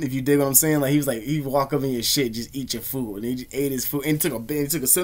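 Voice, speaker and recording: A man's voice: medium pitch, fairly even intonation, rapid-fire, few pauses. An American man telling rambling, profane stories in a casual vlog, laughing often. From United States. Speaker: vlogger. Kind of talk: casual storytelling.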